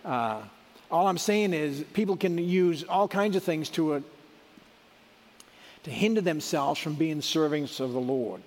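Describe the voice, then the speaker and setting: A man's voice: a little high, measured pace, big-room sound. A middle-aged man giving a sermon in a conversational, folksy way, with asides and restarts. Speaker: preacher.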